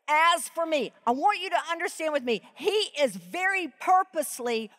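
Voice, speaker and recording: A middle-aged woman preaching a sermon at a live event, emotional and choked up, swinging between soaring emphasis and hushed reading. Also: extremely high pitch, lively intonation, normal speed. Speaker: Bible teacher.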